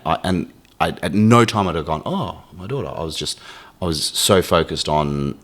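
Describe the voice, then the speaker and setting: A man's voice: very deep voice, animated, fairly quick. A man speaking candidly as a podcast guest, emotional and swearing freely, acting out his inner voice. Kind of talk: candid conversation.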